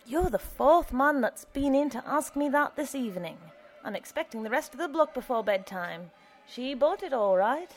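A woman's voice: high voice, expressive, moderate pace, soft background music, voice pushed up. A woman voicing a middle-aged male alderman who talks in a folksy, plain-spoken way.

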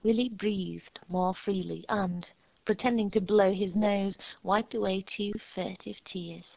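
A woman narrating a storybook in a measured, steady reading voice. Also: mid-range voice, creaky, no room sound, muffled recording.

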